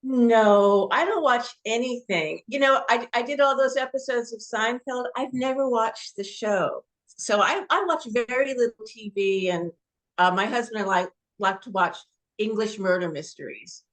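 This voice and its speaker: A woman from New Jersey speaks as an interview guest. Her voice sits a little high, and she tells stories in an easy, anecdotal way. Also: moderate pace. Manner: warm anecdotal storytelling. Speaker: actress guest. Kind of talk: casual interview chat.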